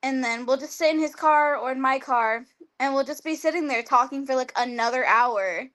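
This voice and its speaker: A talkative woman speaks as a guest on a streamed interview over a video call. Her voice sits a little high, and she rambles casually, with constant "like" fillers and easy laughter. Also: moderate pace, a bit bright. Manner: chatty, lots of "like", laughs often. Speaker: guest wrestler.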